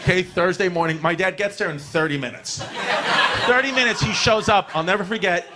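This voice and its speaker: A man's voice: high-pitched, a little fast, heavy background noise. A man, telling a rambling, profane stand-up story to a club audience. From New York City. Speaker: stand-up comedian.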